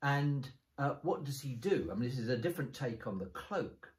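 A man's voice: mid-range voice, animated, normal speed. A man, a bishop, talking through a bible passage in a thoughtful, step-by-step way with many restarts. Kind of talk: conversational bible discussion. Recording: roomy echo.

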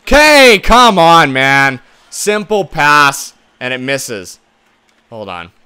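A young man commentating his own game as he plays, his voice swinging widely in pitch from low mutters to sudden yells. His tone is bright and forward, and he swears freely when things go wrong. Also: sing-song, takes it slowly, clear, resonant tone. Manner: frustrated, swears often, loud outbursts. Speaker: gaming channel host. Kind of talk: live gameplay commentary.

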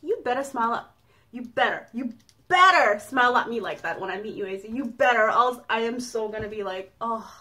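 A woman vlogging her reaction to a video on a phone, talking excitably with loud outbursts and laughter. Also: fairly high pitch, fairly quick, poor audio. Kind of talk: reaction vlog chat. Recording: music playing loudly behind. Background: music from the video being watched.

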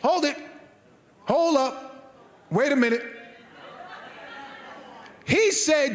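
Very high-voiced man preaching fervently. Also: big pitch swings, takes it slowly, pauses often, fairly bright tone. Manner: fervent, emphatic preaching with repetition. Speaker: church elder preaching. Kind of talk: sermon.

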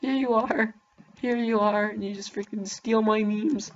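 A woman's voice: medium pitch, fairly even intonation, a little slow, highs cut off, crowd noise. A young woman ranting to camera in mock outrage, calling her listeners mates. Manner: mock-outraged, repeats "mate". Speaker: youtuber. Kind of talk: comedic rant to camera.

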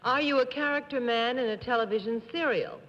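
A woman's voice: fairly high pitch, brisk, fairly bright tone. A woman on a TV game show panel, chatty and self-mocking. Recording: dull 1950s TV studio sound with hall echo.

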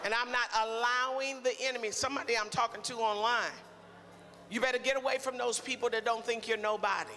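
A male preacher delivering a call-and-response sermon, exhorting the congregation and building to shouts. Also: extremely high pitch, fairly even intonation, a little fast. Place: church sanctuary. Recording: reverberant church hall, faint crowd.

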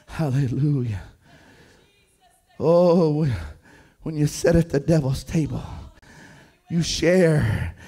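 A man preaching a Pentecostal sermon, building from low muttered lines to shouted, half-sung refrains full of repeated phrases and hallelujahs. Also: slow, creaky, pauses often, breathy edge. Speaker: pastor.

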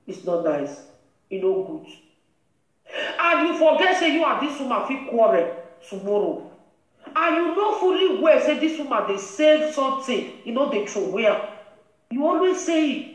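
Nigerian pidgin woman on a live stream, preachy and scolding, voice booming in a really echoey room. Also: very animated, normal speed. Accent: Nigerian Pidgin English. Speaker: online commentator hosting a live video.

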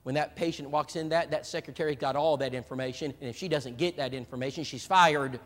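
A man's voice: a little high, fairly quick. A man preaching at a church seminar, telling stories and acting out the people in them. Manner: animated storyteller, voices other people in his stories. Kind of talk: seminar talk with acted-out anecdotes. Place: church hall. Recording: live stream with a long hall reverb.

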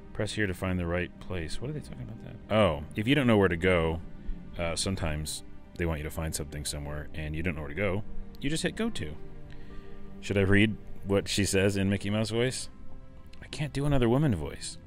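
Deep-voiced chatty gaming man. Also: lively intonation, fairly quick, faint music behind. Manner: chatty, enthusiastic, rambling. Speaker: let's play host. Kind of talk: casual game commentary.

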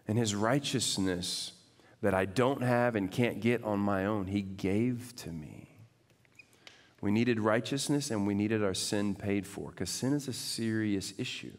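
Give me a man preaching a sermon, animated, shifting from loud to soft. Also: lowish voice, measured pace, in a large hall. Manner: animated, swings from loud to hushed. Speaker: pastor. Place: church sanctuary.

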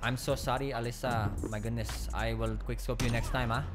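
A man's voice: medium pitch, level tone, lightly acted. A playful put-on Filipino accent, as a man voices it over game audio with music playing behind. Teasing and singsong, with his oh and ah sounds drawn out. It is a gamer persona poking fun at the other players. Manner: playful trash talk, drawn-out oh and ah.

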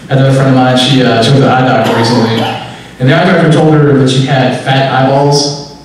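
A man in his thirties doing a wry, animated stand-up set, recorded live in a comedy club. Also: medium pitch, quick pace, a crowd in the background. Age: 30s. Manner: wry, animated, jumps into character voices. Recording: echoey live club from far off.

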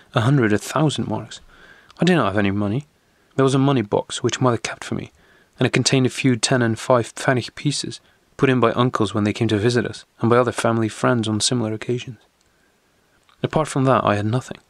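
A man narrating a literary audiobook in a measured, earnest way. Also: mid-range voice, vocal fry, dry recording.

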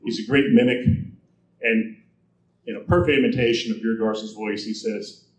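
In a roomy convention hall, a guest speaker with a lowish voice tells anecdotes at a normal pace, animatedly acting out the quotes. Captured on a handheld recorder among the audience, the recording has slight background noise.

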